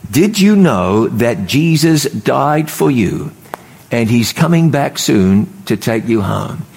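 A man preaching a sermon, building fervent high emphasis and then dropping into slow, solemn storytelling. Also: big pitch swings, gravelly, a little mellow, husky. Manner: fervent, rises to high emphatic pitch on key words; slows and drops low for solemn storytelling.

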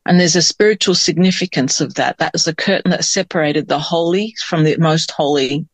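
A man's voice: on the high side, moderate pace, few pauses, dry recording. A man in a Bible study discussion, reading scripture aloud and then commenting on it thoughtfully.

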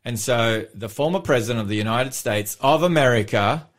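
A man's voice: medium pitch, moderate pace. A man from Australia, a pastor co-hosting a radio show, talking chattily with lots of fillers and easy laughter. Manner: chatty, animated, laughs often, rambling with fillers. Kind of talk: casual radio chat. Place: radio studio.

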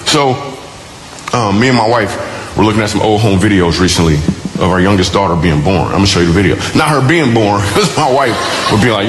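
A man's voice: fairly low pitch, expressive, brisk, a crowd in the background, noisy background. A man preaching a sermon through a personal story, talking in a conversational, joking way before turning earnest. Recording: roomy hall with loud music underneath.

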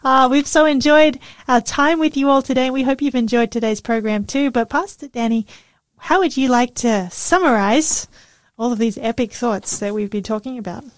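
A woman's voice: a little high, moderate pace, no echo. Affirming woman co-host, dry close sound. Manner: warm affirming, frequent agreement. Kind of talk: Bible study talk show.

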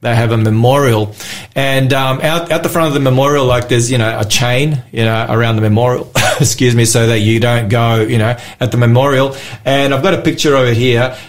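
A man co-hosting a Bible study discussion, earnest and croaky-voiced, often repeating phrases as he gathers his thoughts. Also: mid-range voice, steady tone, a little fast. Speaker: co-host.

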